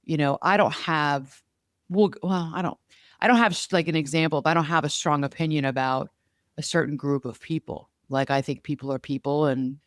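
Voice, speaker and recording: A man's voice: fairly high pitch, fairly even intonation, a little fast, a bit bright, clear, resonant tone, no room sound, studio quality. A man co-hosting a casual conversational chat, earnest and rambling, often restarting his sentences. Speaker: podcast co-host.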